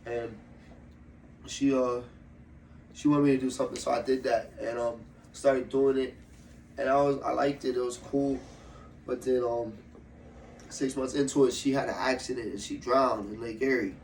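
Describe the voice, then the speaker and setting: A young man from Ohio, an MMA fighter, telling his story in a loose, profane, animated way during a casual interview. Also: mid-range voice, normal speed, long pauses, echoey room. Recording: slightly distant mic with faint room noise.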